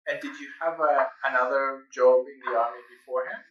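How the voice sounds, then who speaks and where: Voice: medium pitch, fairly even intonation, quick pace, a bit bright. Interviewer: encouraging, short affirming replies, dull lo-fi recording. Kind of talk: casual interview.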